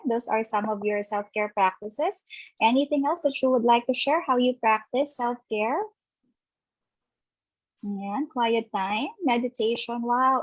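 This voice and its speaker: A woman with a Filipino accent, her voice sitting a bit high, leads an interactive online webinar. She reads participants' answers aloud and affirms each with a quick "okay" or "ayan". The sound is close and dry, with no room echo. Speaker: webinar speaker on self-care.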